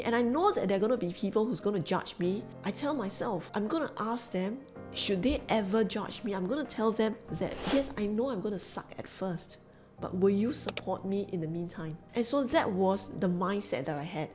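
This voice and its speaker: Over music, a woman with a Singaporean English accent tells her story as a business coach, speaking at a moderate pace with medium pitch and lively intonation. She is earnest and emphatic, repeating key phrases as she delivers motivational storytelling to camera.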